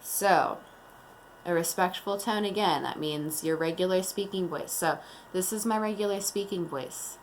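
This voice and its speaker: Slow, calm woman teacher. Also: fairly low pitch, a little hiss or hum. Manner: slow, calm and deliberate, explaining to young children. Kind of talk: classroom morning meeting lesson.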